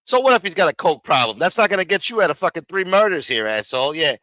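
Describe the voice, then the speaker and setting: An exasperated male host who curses freely in loose live talk. His voice is bright and forceful, and his pitch jumps around a lot. The sound is dry and close. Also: sing-song, quick pace, dry recording. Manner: exasperated, cursing. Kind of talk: casual profane live chat.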